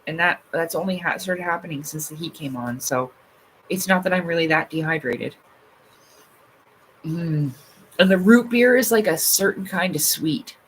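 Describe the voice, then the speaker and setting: This livestream host has a fairly low voice and speaks at a normal speed while casually chatting with her viewers and reading their comments. She uses plenty of fillers and curses without restraint. There's a little hiss or hum on the poor-quality audio.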